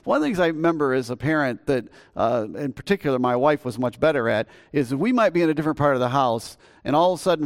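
A middle-aged man preaching a homey sermon to his congregation. His voice sits at a middle pitch, and he talks in a folksy, meandering way, often stumbling and restarting his words. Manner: folksy, halting with many restarts and fillers. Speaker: pastor.

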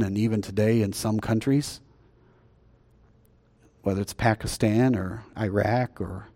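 A man preaching a sermon as pastor, conversational, swinging between loud emphasis and quiet asides. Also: lowish voice. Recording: long reverb.

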